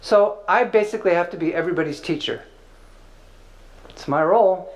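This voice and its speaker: High-voiced man giving a casual spiritual talk. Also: fairly quick, poor audio. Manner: conversational and playful, with filler words. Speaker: spiritual teacher. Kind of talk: informal spiritual teaching talk.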